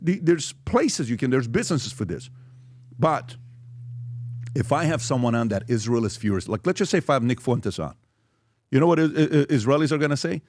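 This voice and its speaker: Guy hosting a podcast, animated, does voices for quotes, dry studio mic. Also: mid-range voice, dry recording. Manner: animated, acts out quotes and reads tweets aloud. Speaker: podcast host. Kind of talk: casual podcast talk.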